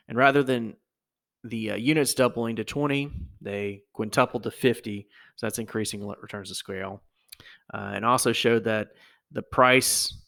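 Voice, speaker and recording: A man teaching economics, talking through exam answers in a halting way, with many fillers and "okay?" checks. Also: mid-range voice, creaky, fairly bright tone. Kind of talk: recorded lecture walkthrough.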